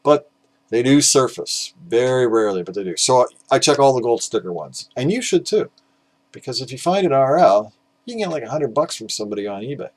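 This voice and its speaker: Up all night and exhausted at five in the morning, a middle-aged record collecting video host rambles loosely through his record pile in casual vinyl chat. His ordinary mid-pitched voice is expressive and a little fast, with slight background noise, and he trails off into frequent "uh" fillers and mutters jokes at his own expense.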